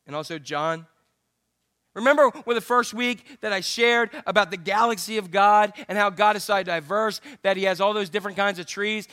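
A man's voice: high voice, pushed and bright, smooth. A man pastor preaching an earnest, conversational sermon.

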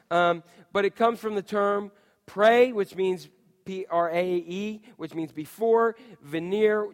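A male pastor preaching a sermon, telling stories with energy and now and then acting out voices. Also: high-pitched. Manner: animated storytelling, acts out voices and shouts. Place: church sanctuary. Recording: long reverb of a church hall.

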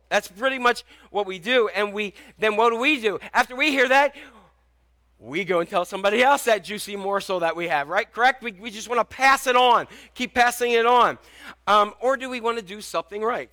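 Brisk and lively in intonation, this pastor's high voice comes across pushed and bright. He gives his sermon in a conversational style, turning questions to the congregation and relating anecdotes.

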